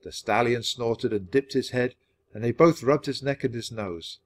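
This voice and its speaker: A man narrating a children's book aloud for language learners, reading clearly and steadily. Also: medium pitch, moderate pace.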